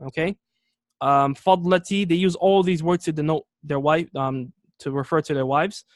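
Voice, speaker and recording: A man teaching an Arabic lesson, explaining words step by step, repeating key terms slowly and often checking in with "okay?". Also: fairly high pitch, steady tone, dry recording, studio quality. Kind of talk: classroom lesson.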